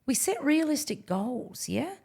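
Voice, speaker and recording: A woman's voice: high-pitched, big pitch swings, a little slow, gravelly, a little mellow, breathy edge. A woman co-hosting a podcast in casual chat, summing up advice point by point. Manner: sums up points like a list of tips. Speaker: podcast co-host.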